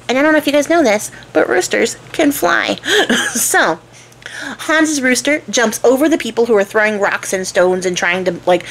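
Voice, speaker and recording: A woman's voice: on the high side, a little hiss or hum, poor audio. Chatty woman retelling a fairy tale. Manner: chatty and irreverent, asides to viewers, casual swearing. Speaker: storyteller, channel host.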